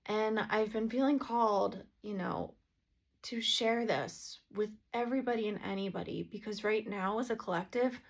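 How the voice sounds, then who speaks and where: A woman's voice: mid-range voice, steady tone, unhurried. A woman and energy healer talking earnestly in a casual, heartfelt vlog, with plenty of filler "like"s.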